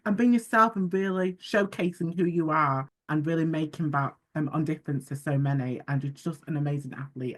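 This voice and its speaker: A man hosting a podcast, interviewing a guest in a warmly encouraging, effusive way. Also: a little high. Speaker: podcast host. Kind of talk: casual interview.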